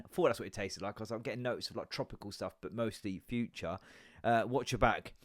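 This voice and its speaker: A man's voice: fairly low pitch, brisk, dry recording, studio quality. A man, hosting a podcast in casual, jokey chat full of swearing and rambling asides. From United Kingdom. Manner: comedic, stand-up performer. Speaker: podcast host.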